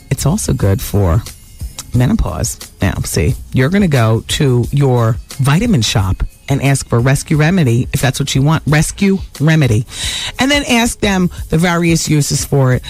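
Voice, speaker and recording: A woman's voice: sits low, sing-song, normal speed, darkish tone, soft background music. A woman hosting a radio talk show, chatting candidly with callers and listeners and laughing easily.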